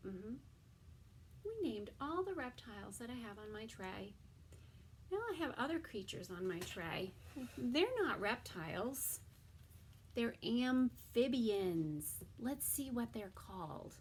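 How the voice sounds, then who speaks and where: A woman teaching a toddler circle-time lesson, drawing out words slowly and often dropping into a soft whisper. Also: fairly high pitch, big pitch swings, slight background noise. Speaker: preschool teacher.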